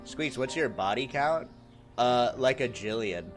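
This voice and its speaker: A man's voice: mid-range voice, animated, a little slow, faint music behind. A man streaming live, chatting casually and reading out viewer messages, laughing often and teasing himself and his chat.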